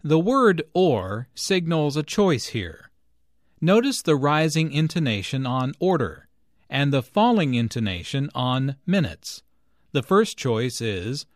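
A man explains pronunciation points in a scripted English lesson. His speech is clear and deliberate, with a lively, rising-and-falling melody. The recording is dry with no room sound. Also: medium pitch, no room sound. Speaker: English teacher and narrator. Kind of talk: scripted language lesson narration.

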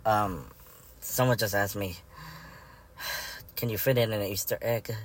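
A man's voice: fairly low pitch, slow pace. A man out of breath after a run, talking casually to camera with sighs between phrases and an offhand, joking manner.

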